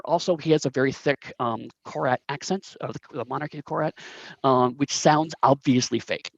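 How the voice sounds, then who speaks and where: A man's voice: mid-range voice, fairly quick, gravelly, no echo, dull audio. A man narrating a tabletop game as game master, rambling with many fillers and restarts.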